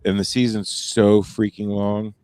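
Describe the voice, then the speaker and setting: A man chatting on a podcast, slightly low in pitch, who wanders through his stories with fillers, restarts and self-interruptions. His voice sits close and dry, with no room around it. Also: level tone, unhurried, mellow, clean tone, no echo. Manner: rambling, many fillers and restarts, laughs at own stories. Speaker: podcast co-host. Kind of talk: casual chat.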